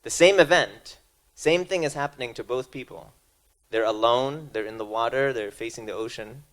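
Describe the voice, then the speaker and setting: A man's voice: medium pitch, moderate pace, a bit bright. A man giving a spiritual lecture, speaking conversationally and telling stories, often restarting his phrases. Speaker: speaker at a religious talk.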